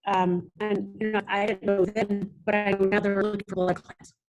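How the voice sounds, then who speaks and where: A young adult woman, a podcast guest, telling her own story in a halting way with many restarts. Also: medium pitch, flat delivery, muffled recording, faint music behind. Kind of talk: personal storytelling interview.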